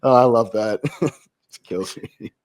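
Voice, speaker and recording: A man who is a former Marine, a podcast guest speaking in casual conversation, blunt, profane and quick to laugh. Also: lowish voice, darkish tone.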